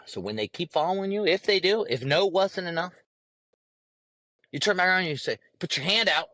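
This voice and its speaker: A man ranting on his podcast, swearing freely and lecturing with rising heat. His voice sits a little high for a man. The sound is dry and close, with no room echo. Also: animated, a little fast, sharp tone. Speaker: podcast host. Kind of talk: profane ranting monologue.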